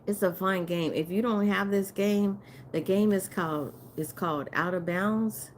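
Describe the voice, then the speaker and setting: A woman's voice: medium pitch, fairly even intonation, a little slow, a little hiss or hum. A woman chatting casually on a livestream, rambling and laughing often as she talks to her viewers. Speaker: live streamer.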